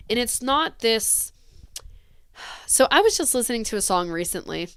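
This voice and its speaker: A woman's voice: on the high side, animated, moderate pace, clean tone, no room sound, clean studio sound. Earnest woman giving a tarot reading. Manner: earnest, gentle, rambling with fillers and little laughs. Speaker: tarot reader. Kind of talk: intuitive tarot reading for viewers.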